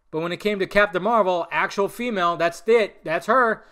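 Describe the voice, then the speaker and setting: A man's voice: high-pitched, fairly quick, pushed and bright, clear, resonant tone. Rambling, blunt male podcast host. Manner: rambling, blunt, swears casually, trails off into mutters. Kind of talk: casual solo podcast answering viewer questions.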